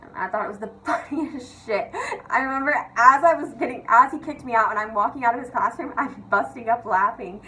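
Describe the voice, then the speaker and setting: A woman's voice: fairly high pitch, brisk, sharp tone, a little hiss or hum, poor audio. A young woman vlogger telling casual stories about her school years. She giggles, swears freely and fills her speech with "like". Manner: giggly, profane, filler-heavy with constant "like". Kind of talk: casual storytelling rant.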